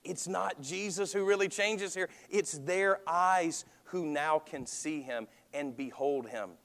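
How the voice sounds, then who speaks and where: A man's voice: on the high side, slow pace, fairly bright tone, big-room sound. A man preaching a sermon as pastor, talking conversationally and asking the congregation questions.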